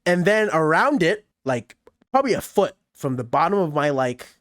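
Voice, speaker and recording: A man, a camp director co-hosting a podcast, telling a story in casual chat with animated, expressive delivery and frequent swearing. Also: fairly high pitch, moderate pace, no room sound.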